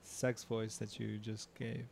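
Guest, casual chat, joking, repeats punchlines, medium pitch. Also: flat delivery, takes it slowly, creaky, darkish tone.

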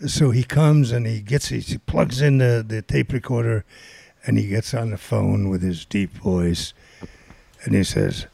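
Older male storyteller, raspy and mellow, dry close sound, animated delivery. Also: fairly low pitch, a little slow, dry recording. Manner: rambling, animated storytelling with quoted voices. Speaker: guest storyteller. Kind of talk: casual anecdote telling.

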